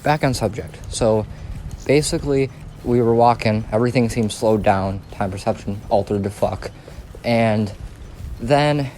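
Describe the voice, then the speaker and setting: Young male vlogger, casual profane storyteller, mid-pitch, light background hiss. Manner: rambling, profane, animated.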